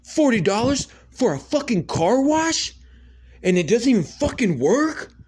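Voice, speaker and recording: A man's voice: very high-pitched, big pitch swings, unhurried, a little mellow, husky, pitched above the performer's own voice, full character voice. A man imitating an irate middle-aged male customer who swears in outrage. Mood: outraged.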